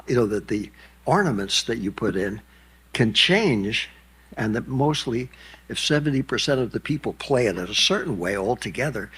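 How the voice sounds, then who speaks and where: A man's voice: fairly low pitch, fairly bright tone, husky. A man in his nineties giving a rambling, anecdotal keynote speech on a conference stage. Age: 90s. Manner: rambling, anecdotal, with asides and restarts. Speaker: keynote speaker.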